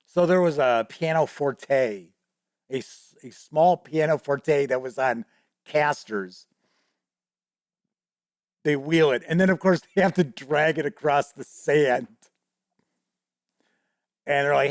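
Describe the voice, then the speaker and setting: A male host telling a loose, rambling story from his tabletop game, laughing through it and swearing casually. His voice sits a little high for a man. It is recorded close and dry, with no room sound. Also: unhurried, pauses often, no echo.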